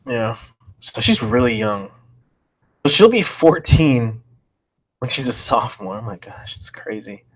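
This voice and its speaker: A man's voice: mid-range voice, expressive, a little slow, pauses often, slightly rough. A man reading chat logs aloud and commenting, thinking aloud and reacting with disbelief.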